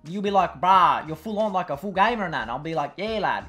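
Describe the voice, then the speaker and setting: A man's voice: high-pitched, lively intonation, fast, bright, forceful tone, soft background music. A man playing a cocky Aussie teen gamer lad. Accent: Australian. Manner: brash, slangy, mocking. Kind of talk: comedy sketch over game voice chat.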